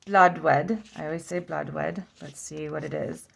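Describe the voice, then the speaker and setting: A woman hosting a casual flip-through vlog, slowly sounding out names aloud, correcting herself and musing with giggly asides. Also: deep voice, fairly even intonation, vocal fry, a bit bright, husky. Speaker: oracle deck reviewer.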